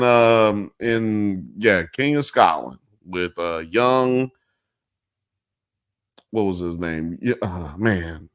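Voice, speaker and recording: A man's voice: medium pitch, expressive, unhurried, dry recording, clean studio sound. A man hosting a live show, chatting in a loose, rambling, slangy way. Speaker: podcast host. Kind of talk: casual live-show chat.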